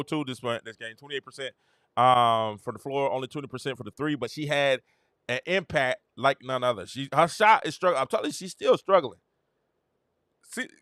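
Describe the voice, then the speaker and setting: A man hosting a casual sports commentary livestream, talking in an animated, slangy and rambling way, often repeating himself. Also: a little high, no room sound, studio quality. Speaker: host.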